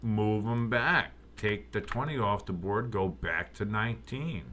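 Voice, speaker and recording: A streamer with a lowish voice narrates a live game a little slowly, with a little hiss or hum in the recording. He's excitable and joking, ramping up on key plays and chatting with viewers.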